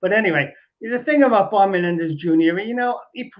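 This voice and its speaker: Older male journalist guest, halting and measured, dull lo-fi remote sound. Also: sits high. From New Jersey. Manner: hesitant, many restarts, measured. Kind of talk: political interview.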